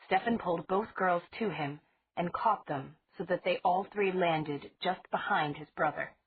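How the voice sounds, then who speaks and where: A woman narrating an audiobook in a measured, unhurried reading. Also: lowish voice, husky. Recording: tinny phone-like sound.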